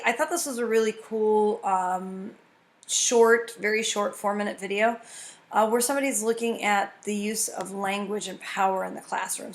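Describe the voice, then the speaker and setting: A woman course instructor casually introducing a video, relaxed and talking with filler words. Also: mid-range voice.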